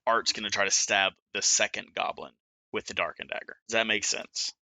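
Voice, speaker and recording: A man plays a comedic tabletop game, laying out his character's attacks with eager energy. His voice is very bright and sharp, recorded dry and close. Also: lowish voice, fairly even intonation, no room sound. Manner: enthusiastic, quick reactions. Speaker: player. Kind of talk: casual tabletop play.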